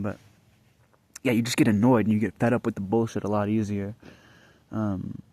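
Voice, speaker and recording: A man's voice: lowish voice, level tone, normal speed, pauses often, mellow, no room sound. A young adult man vlogging in a casual, rambling monologue, swearing often and restarting his sentences. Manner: profane, rambling, frequent restarts.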